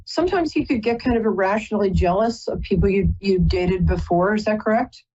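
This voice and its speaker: A woman's voice: medium pitch, brisk, darkish tone, highs cut off. A woman hosting a live call-in psychic reading, chatty and rambling, often stopping to apologize. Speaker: psychic reader and host.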